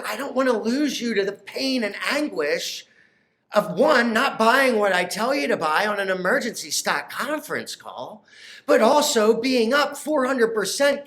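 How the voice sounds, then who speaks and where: Fired-up, cursing man ranting about stocks. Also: extremely high pitch. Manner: animated, theatrical and profane. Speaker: stock trading video host. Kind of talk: excited stock market rant.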